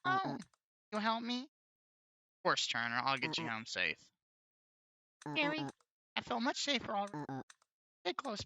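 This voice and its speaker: Brief: timid scared villager, high and pleading, a man doing the voice. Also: huge pitch swings, measured pace, gravelly, long pauses, sharp tone, no echo, muffled recording, heavily acted. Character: frightened timid townsperson, pleading.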